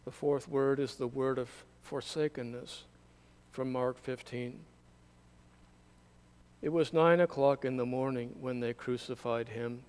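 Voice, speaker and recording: Brief: male scripture reader at a candle service, resonant and even, solemn. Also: mid-range voice, clear, resonant tone. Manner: measured, solemn reading.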